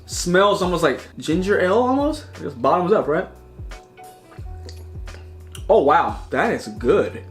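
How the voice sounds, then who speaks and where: A man's voice: high voice, very animated, a little slow, long pauses, soft background music. A man hosting a casual taste-test vlog, rambling and chatty, often talking while chewing. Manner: rambling, chatty, restarts and repeats words. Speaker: snack reviewer and channel host.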